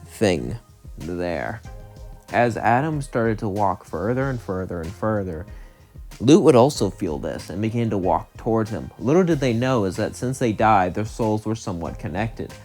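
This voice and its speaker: A man narrating a fan-fiction story in a loose, run-on way. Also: fairly low pitch.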